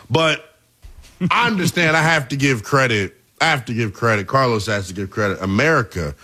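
A man in his twenties with a fairly high-pitched voice hosts a sports talk show. His commentary is emphatic and hyped, climbing into shouts at its peaks.

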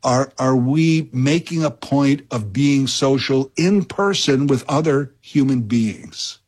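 A husky, slightly breathy middle-aged man, talking on the radio as a fill-in host. He meanders through an anecdote in a loose, chatty way, with "uh"s and false starts. His pitch sits in an ordinary middle range. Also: takes it slowly, darkish tone. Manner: rambling, chatty storyteller with many fillers and restarts. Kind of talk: casual radio talk and anecdote.

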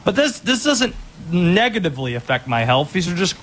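A man co-hosting a casual podcast, playful and quick to laugh. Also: high-pitched, big pitch swings, fairly bright tone. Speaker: podcast co-host. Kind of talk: casual chat.

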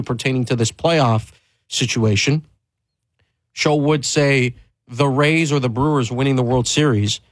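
An emphatic male sports-talk host who speaks his mind bluntly, often restarting phrases and pushing his voice up for stress. His pitch is an ordinary male middle, and the sound is close and dry with no room around it. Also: no echo, poor audio. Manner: emphatic and candid, with frequent restarts and rising stress.

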